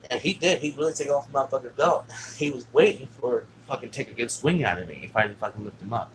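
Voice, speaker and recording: A man of ordinary pitch rambles through a long story from his own life, salting almost every line with curses. His delivery is loose and unscripted, full of asides and fillers. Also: quick pace, slight background noise, poor audio. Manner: rambling and heavily profane, with lots of fillers. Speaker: vlogger. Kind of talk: casual spoken storytelling.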